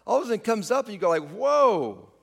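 A man's voice: high-pitched, expressive, racing, creaky, slightly rough, big-room sound. A man preaching a sermon, speaking straight to his congregation and rising and falling for emphasis. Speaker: pastor.

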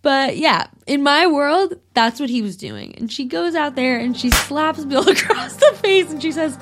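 A woman's voice: sits high, sing-song, measured pace, faint music behind. A woman co-hosting a podcast, telling a story in casual chat, rambling and giggly. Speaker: podcast co-host.

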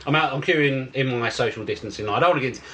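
A man's voice: medium pitch, racing, crowd noise. A man, telling a story in a casual podcast chat and swearing a lot. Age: 50s. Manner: swearing, animated anecdote telling.

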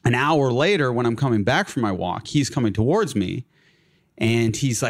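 A man's voice: medium pitch, animated, normal speed. A young man telling a long personal story in a casual chat as a guest, full of fillers like "like" and "uh". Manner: rambling, filler-heavy, laughs through his stories.

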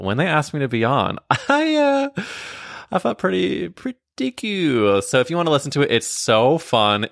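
A man's voice: mid-range voice, fairly bright tone, no echo, studio quality. A man hosting a podcast in a playful, gushing, flirty manner. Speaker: podcast host. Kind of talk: casual podcast chat.

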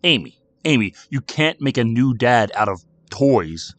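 A man voicing an angry, grieving young boy who shouts and sputters. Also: mid-range voice, sing-song, a little slow, no room sound, pitched above the performer's own voice. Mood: upset. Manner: shouting, upset.

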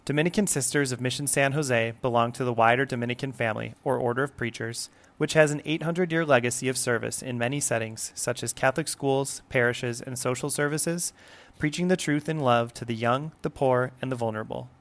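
A man hosting and producing a podcast, reading guest introductions in a measured, formal way. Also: medium pitch, fairly bright tone. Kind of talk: scripted introduction.

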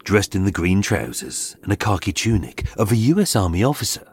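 Male true-crime narrator, low voice with a lively, rising-and-falling delivery, measured and suspenseful. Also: slight background noise. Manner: measured, dramatic storytelling with suspenseful pauses. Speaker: podcast host and narrator. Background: faint background music.

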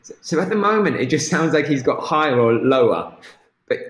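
A man's voice: on the high side, animated, a little fast, fairly bright tone, reverberant. A man co-hosting a podcast, teasing and laughing in casual chat. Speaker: podcast co-host.

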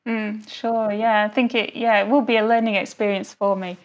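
A woman guest on a podcast speaks at a middle pitch in a friendly, chatty way. She leans on "you know" and small fillers as she explains her ideas. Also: level tone, moderate pace, dull audio. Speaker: interview guest, photographer. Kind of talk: casual interview conversation.

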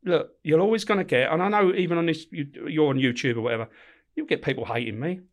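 Speaking at a quick pace in a slightly high voice, this middle-aged man from England recounts his days as a prison officer. The chat is casual and animated, with constant swearing, laughter and acted-out dialogue.

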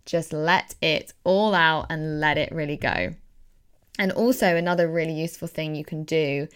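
A woman's voice: sits low, fairly even intonation, normal speed, clean tone. A woman hosting her own podcast as a coach, talking in an earnest, reflective way and doubling words for emphasis. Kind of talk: casual solo podcast talk.

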